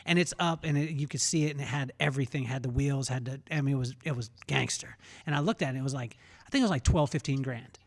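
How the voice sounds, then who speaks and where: A man hosting a casual podcast interview, telling stories in an animated, slangy way and laughing along. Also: mid-range voice, fast, vocal fry, hardly any pauses. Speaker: podcast host.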